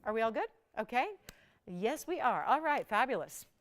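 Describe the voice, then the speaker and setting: A woman hosting a live shopping channel, pitching jewelry with chatty enthusiasm and talking to callers and crew between descriptions. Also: sing-song, moderate pace. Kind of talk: live on-air sales pitch.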